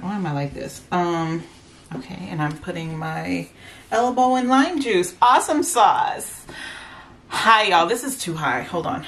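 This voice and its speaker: Woman, lower-pitched voice, casual vlog chatter, exasperated, faint background noise. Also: a bit bright. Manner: talks straight to viewers. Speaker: vlogger.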